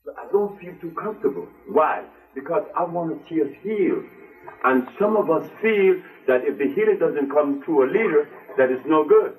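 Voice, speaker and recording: A man's voice: on the high side, expressive, moderate pace, narrow, tinny audio. Emphatic older man addressing an audience. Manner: emphatic, repeats phrases for stress. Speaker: speaker to an audience. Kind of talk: impassioned speech to a live audience. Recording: distant mic with faint music.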